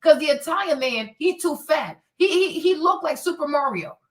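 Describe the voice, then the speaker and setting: Profane, animated woman ranting into a mic. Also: sits high, moderate pace, distant mic. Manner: blunt, profane and animated, acts out quotes. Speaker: streamer and commentator. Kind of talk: casual commentary rant.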